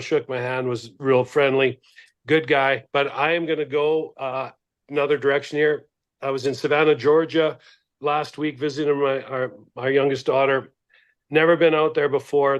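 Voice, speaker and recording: A middle-aged man co-hosting a casual podcast, telling meandering anecdotes that keep interrupting themselves. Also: mid-range voice. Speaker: podcast co-host.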